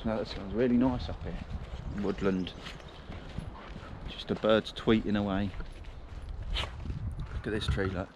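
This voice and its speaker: A man with a lowish, steady voice speaks at a measured pace, leaving long pauses. He's walking his dogs in windy woodland and casually rambles to viewers on a handheld camera, with wind and outdoor sounds in the background.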